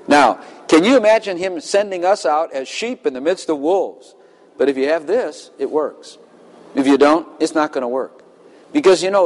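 A man preaches with fervent emphasis, reading scripture dramatically. His voice sits somewhat high for a man. The sound carries a long reverb from a large hall. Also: darkish tone. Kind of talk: sermon.

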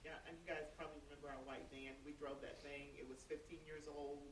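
A woman's voice: low-pitched, little pitch movement, fast, slight background noise. A woman in a church group chatting through a personal story about obedience to God. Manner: chatty, laughing asides. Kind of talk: casual faith testimony. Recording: roomy, distant from the mic.

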